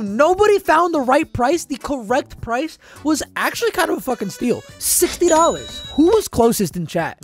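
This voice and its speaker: A man hosting a price-guessing game on a live stream, brash and profane, joking with chat. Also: very high voice. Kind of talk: casual live-stream banter.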